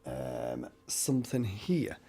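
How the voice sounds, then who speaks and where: A man's voice: sits low, wildly swooping pitch, takes it slowly, vocal fry, dark tone, slight background noise. A man hosting a live stream, giving rambling psychic readings and addressing viewers by name.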